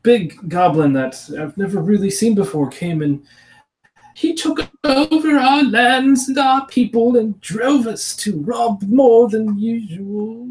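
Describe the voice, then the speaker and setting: A man voicing a small, frightened female goblin servant with a high, squeaky voice and broken, rambling speech. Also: darkish tone, recorded from a distance, exaggerated voice, poor audio.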